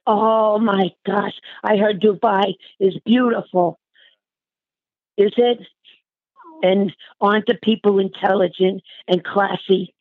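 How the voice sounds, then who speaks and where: A woman's voice: mid-range voice, steady tone, slow pace, no echo. Older woman, breathless, on a tinny phone line. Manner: chatty, affectionate, keeps calling the listener honey. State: short of breath. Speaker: interviewee, aunt. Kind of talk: casual phone chat.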